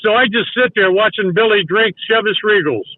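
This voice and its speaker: Older man as a guest storyteller. High voice, dry and tinny like a phone line. Rambling anecdotes full of restarts and quoted dialogue. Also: a little fast, no echo. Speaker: guest, former baseball coach. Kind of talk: casual storytelling.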